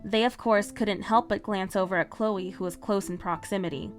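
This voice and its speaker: Woman reading her fan story aloud, mid pitch, calm pace, faint music behind. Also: moderate pace. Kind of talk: fan fiction read-aloud narration.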